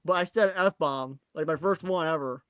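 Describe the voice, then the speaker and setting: A man hosting a casual podcast chat, excitable and tripping over his words with frequent restarts. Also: fairly high pitch, moderate pace, clean tone, no room sound, highs cut off. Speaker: podcast host.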